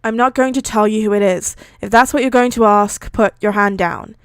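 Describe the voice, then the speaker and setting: A woman voicing a tired, gruff male teacher with a weary, flat delivery in a fan-fiction reading. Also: mid-range voice, brisk, dry recording, natural voice.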